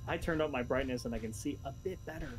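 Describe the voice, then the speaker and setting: A man's voice: medium pitch, quick pace, over music. A man chatting and teasing his friends while playing a multiplayer game. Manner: chatty, teasing, laughs often. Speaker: guest gamer. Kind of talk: casual gaming chat.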